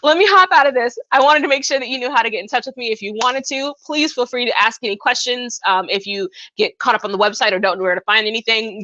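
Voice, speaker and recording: A woman's voice: on the high side, pushed and bright, no echo, lo-fi sound. A woman from Arkansas hosting a live tarot reading on her phone, chatting in an upbeat way and calling viewers "hun". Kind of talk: live-stream tarot reading, casual chat.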